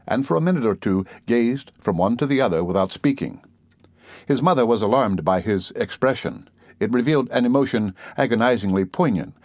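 A man narrating an audiobook in a measured reading voice. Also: lowish voice, darkish tone, no room sound. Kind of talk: scripted narration.

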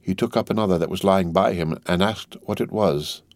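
A man with a low, deep voice reads a classic novel aloud in a measured, steady way. His narration is calm and even. The recording is dry and close, with no room sound. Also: gravelly, no room sound. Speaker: audiobook narrator. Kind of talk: scripted narration.

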